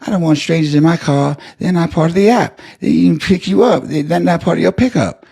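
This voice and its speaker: A man's voice: a little high, brisk, creaky, husky, voice pushed up. Man doing a serene, pious old lady. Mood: gently firm. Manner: calm, churchy, calls everyone child. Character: sweet, devout elderly woman driver, unflappable.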